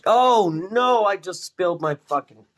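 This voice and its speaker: A man's voice: sits high, animated, measured pace, a bit bright. A man hosting a podcast alone, ranting casually in a profane, self-mocking way. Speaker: podcast host. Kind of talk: casual rambling monologue.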